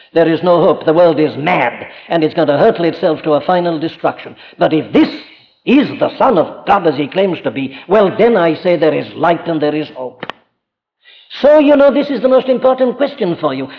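Heard on a dull, lo-fi archive recording with big-room sound, a man with a slightly high voice and a Welsh accent delivers an earnest, emphatic sermon addressed directly to his listeners.

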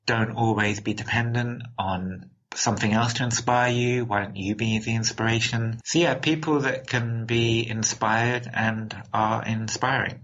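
An upbeat man from England whose accent sits between London and American, answering interview questions with frequent laughs and repeated words. His voice is bright and forceful but a bit husky. The audio is dull and lo-fi. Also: lowish voice. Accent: mixed London and American. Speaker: interview guest.

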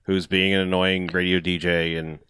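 A man's voice: sits low, level tone, moderate pace, pushed and bright, smooth, no echo, studio quality. A man in a casual movie review chat, rambling and hesitant as he recaps scenes. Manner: rambling, hesitant, full of fillers. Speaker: podcast co-host.

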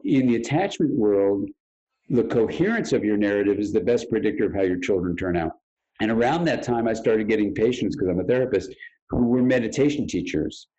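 A man, a therapist, talking as an interview guest in a conversational, storytelling way and acting out past conversations. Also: lowish voice. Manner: animated storyteller who acts out past conversations in quotes. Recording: dull, lo-fi audio.

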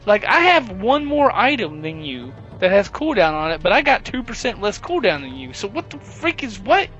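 A high, bright-toned man spins a gaming story with lively energy. He acts out his friends' voices as he goes, and faint music plays underneath. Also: moderate pace, highs cut off. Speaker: podcast co-host. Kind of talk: casual gaming chat.

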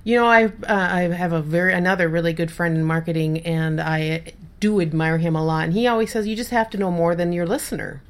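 A woman's voice: lowish voice, steady tone, a little fast, few pauses. A woman with a Minnesotan accent, co-hosting a podcast in a casual chat and asking joking, curious questions. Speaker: podcast co-host.

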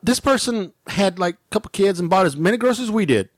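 A man's voice: high voice, quick pace, no echo. A man telling a story on a casual podcast, acting out the people he quotes and swearing freely. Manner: animated storytelling, acts out quotes, swears a lot. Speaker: podcast co-host.

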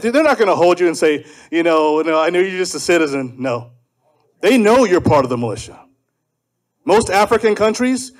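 A man from South Carolina speaking fervently at a political gathering in a preacher's style, leading the crowd in call and response. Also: a little high. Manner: fervent, leads call and response, shouting refrains. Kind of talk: preacher-like speech to a live audience.

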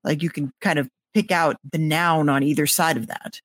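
A podcast co-host in casual chat, speaking in a measured, dry and wry way. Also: medium pitch, fairly even intonation, a bit bright, no room sound.

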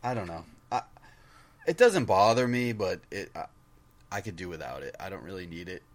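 A man's voice: low voice, expressive, moderate pace. A man co-hosting a comic book podcast, talking casually and hesitantly with frequent restarts. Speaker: podcast co-host.

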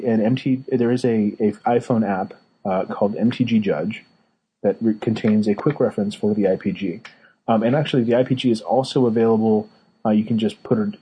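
A man's voice: on the low side, mellow, slightly rough, dull audio. A man co-hosting a casual podcast, explaining game rules with many fillers and restarts. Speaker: podcast co-host, card game judge. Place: Northern California.

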